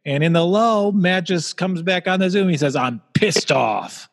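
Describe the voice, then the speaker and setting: A man's voice: sits high, normal speed, in a large hall. A man co-hosting a comedy podcast, teasing his partner in a mock-formal, playful way. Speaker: podcast co-host.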